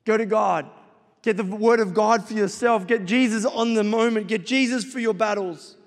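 A man's voice: sits high, normal speed. A middle-aged man preaching a sermon, calling on his listeners with repeated urgent exhortations. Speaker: pastor. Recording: long reverb of a large hall.

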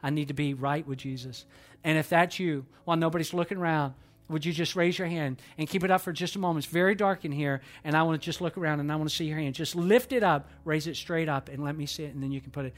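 Male pastor, sermon delivery, somewhat high voice, big dynamic swings between loud and hushed. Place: large dark auditorium.

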